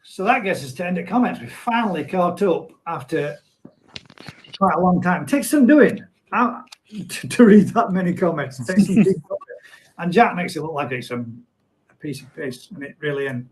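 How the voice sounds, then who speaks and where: A man's voice: high voice, animated, moderate pace, slight background noise, poor audio. A middle-aged man hosting a casual live stream from home, reading viewer comments aloud and laughing often.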